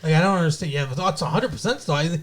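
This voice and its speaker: A man's voice: a little high, lively intonation, racing, a crowd in the background. A man co-hosting a podcast in casual chat, rambling and swearing, often stopping to restart his point. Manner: rambling, profane, self-interrupting. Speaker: podcast co-host.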